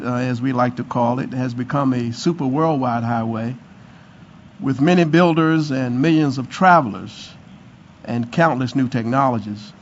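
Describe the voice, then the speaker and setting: Hoarse male committee chair, measured speechlike delivery, dull recording with faint hiss. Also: mid-range voice. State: hoarse from the flu. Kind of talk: formal prepared remarks. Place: meeting room.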